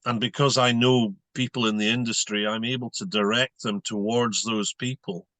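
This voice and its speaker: A Scottish man speaks in a bright, forceful voice that sits a little low. He explains his work in a measured, patient way. The sound is close and dry. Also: fairly even intonation, no echo. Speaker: hypnotherapist guest. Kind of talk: interview answers.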